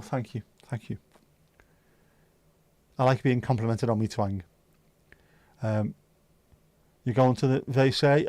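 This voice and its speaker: A man's medium-pitched, slightly mellow voice comes through with no echo as he runs a relaxed livestream. Rambling and jokey, he swears freely and reads his viewers' comments out loud.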